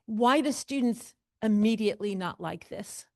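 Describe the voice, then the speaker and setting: A woman's voice: medium pitch, normal speed, dry recording, studio quality. A woman teaching an adult church class on a novel. She talks animatedly, questions her students and pokes fun at wordy passages. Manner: mocks long-winded speech with playful asides. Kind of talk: literature class lecture.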